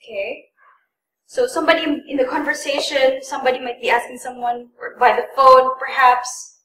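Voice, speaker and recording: High-voiced woman teaching from across an echoey room. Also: steady tone, normal speed, pushed and bright, far from the mic. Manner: patient, repeats and stresses words for learners. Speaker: English test tutor. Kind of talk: classroom lesson.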